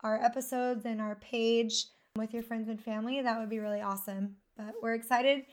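A woman's voice: fairly high pitch, fairly even intonation, a little fast. A woman co-hosting a casual podcast with her husband, friendly and upbeat, laughing easily. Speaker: podcast co-host. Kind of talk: casual chat.

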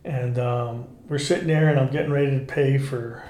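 A man's voice: medium pitch, normal speed, roomy sound. A man who was an undercover cop, telling his stories in a casual, profane way and acting out what people said. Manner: animated, profane, acts out quotes. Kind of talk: casual storytelling interview.

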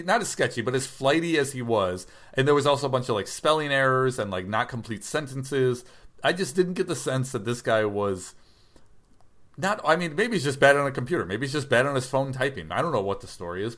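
A man's voice: medium pitch, fairly bright tone. A man casually telling a long story about buying old toys, rambling and correcting himself, livening up when he quotes people. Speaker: toy reseller telling a story.

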